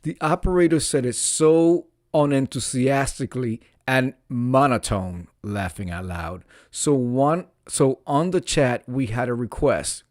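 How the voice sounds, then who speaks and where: A man reads an online confession aloud in a relaxed, unhurried way, stopping to comment and laugh at the funny parts. His voice sits in a middle register, recorded close and dry with no room sound. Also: mid-range voice, no room sound. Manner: amused, breaks into laughter. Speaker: social media host reading confessions. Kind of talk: casual reading with commentary.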